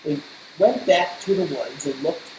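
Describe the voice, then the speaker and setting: A woman reading a children's storybook aloud in slow, measured narration. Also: low voice, lively intonation, warm tone. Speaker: storybook reader. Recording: roomy echo, faint hiss.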